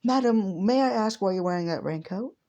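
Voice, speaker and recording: A man's voice: sits high, lively intonation, fairly quick, darkish tone, highs cut off, pitched above the performer's own voice. A man voicing an overly polite young male hero who talks formally and stammers over his words. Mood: stiffly polite.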